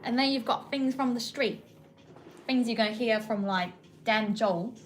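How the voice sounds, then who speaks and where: A woman's voice: a little high, moderate pace, a little hiss or hum. A woman co-hosting a casual livestream chat, playful and giggly, trying out silly accents as she talks. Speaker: livestream co-host.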